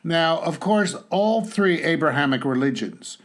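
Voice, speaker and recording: A man's voice: fairly high pitch, lively intonation, measured pace. A man hosting a casual political talk show, musing aloud with many fillers and restarts. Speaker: podcast host.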